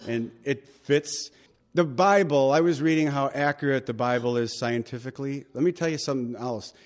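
A man's voice: mid-range voice, moderate pace. A male pastor giving a verse-by-verse Bible teaching sermon, conversational and emphatic, with chatty asides to the congregation.

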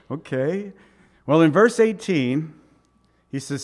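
A man's voice: mid-range voice, lively intonation, moderate pace. A man preaching a verse-by-verse sermon, conversational and emphatic, with off-hand asides and touches of sarcasm. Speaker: pastor. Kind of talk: expository sermon.

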